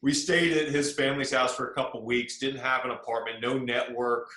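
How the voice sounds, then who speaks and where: A man's voice: mid-range voice, fairly quick. A young man from South Carolina, a guest actor, telling stories casually and acting out the quotes. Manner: animated storyteller acting out quotes. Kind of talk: casual storytelling interview. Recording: echoey room.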